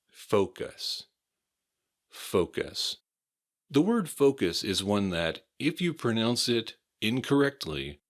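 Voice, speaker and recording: A man with an American accent teaching pronunciation, repeating each word slowly and carefully. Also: deep voice, fairly bright tone. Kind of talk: slow, deliberate pronunciation lesson.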